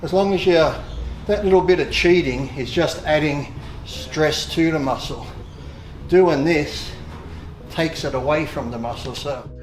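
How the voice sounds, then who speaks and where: A man's voice: a little high, measured pace. A man with an Australian accent, a bodybuilder giving blunt, plain training tips in a clip. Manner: plain, blunt gym talk. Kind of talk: casual training instruction. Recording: roomy echo from video clip.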